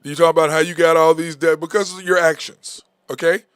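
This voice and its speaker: Man, sports talk host, blunt, animated, slightly high voice, dry close sound. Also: fairly quick, clean tone, no echo. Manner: blunt, animated, says "okay?" and "bro" a lot.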